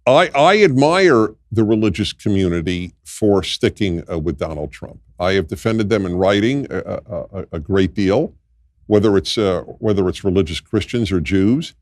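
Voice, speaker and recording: A man's voice: low-pitched, lively intonation, normal speed, no room sound, clean studio sound. An older man, a guest in a political discussion, speaking emphatically and repeating his points for weight. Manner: emphatic, repetitive.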